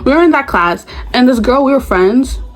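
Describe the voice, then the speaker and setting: A young woman vlogger telling school stories in casual chat, animated and acting out the other people's voices. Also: high voice, normal speed, rough recording. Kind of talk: casual storytime.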